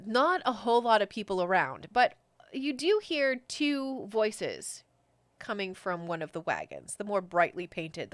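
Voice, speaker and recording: A woman's voice: on the low side, no echo. Chatty woman running a tabletop game. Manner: casual and chatty, with many fillers. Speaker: game master.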